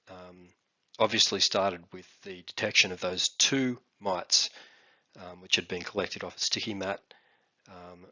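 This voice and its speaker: A hoarse Australian man gives a presentation, pausing often with fillers between phrases. His voice sits very low and has a hard, bright edge. The recording sounds dull and lo-fi. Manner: halting, many fillers. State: hoarse, recovering from illness. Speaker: biosecurity response coordinator.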